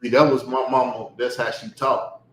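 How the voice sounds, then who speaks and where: Male podcast host, profane animated storyteller, echoey room sound. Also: medium pitch, moderate pace, a little hiss or hum. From Chicago. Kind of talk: casual storytelling chat.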